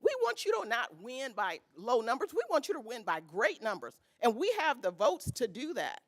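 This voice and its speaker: A woman's voice: a little high, big pitch swings, normal speed. A woman making an emotional, pleading public comment at a city council meeting, speaking at a podium microphone. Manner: pleading, earnest, tearful at times. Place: council chamber.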